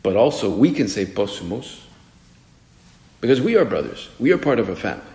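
A priest gives a spoken meditation in a low, gravelly voice, musing and conversational, often restarting his phrases. The sound rings with a long hall reverb. Faint music plays behind him. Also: sing-song, fairly quick, a little mellow.

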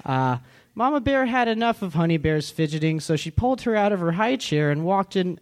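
A man, a comedian, reading a comic story in a deadpan storybook manner at a comedy club. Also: high voice, brisk.

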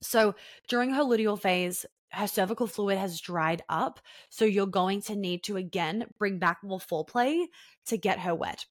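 A young woman talks casually on a podcast at an ordinary pitch, frank and chatty, now and then acting out the voices of people she quotes. Her voice is recorded close and dry, with no room sound. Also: moderate pace, no room sound. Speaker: podcast guest.

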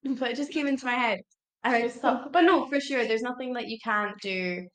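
A woman's voice: on the high side, brisk, a bit bright. A young woman as a podcast guest in casual chat, chatty and full of fillers, laughing easily.

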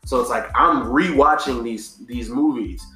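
Bright-voiced man telling stories casually. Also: mid-range voice, measured pace, echoey room, soft background music. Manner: relaxed storytelling, slangy, trails off and restarts. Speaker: podcast co-host. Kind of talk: casual chat.

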